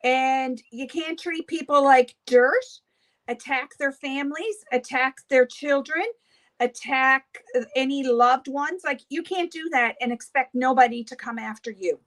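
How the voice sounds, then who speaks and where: A woman's voice: sits high, unhurried, a bit bright. A woman hosting a beauty livestream, chatting casually with viewers while doing her makeup, gossipy and often laughing.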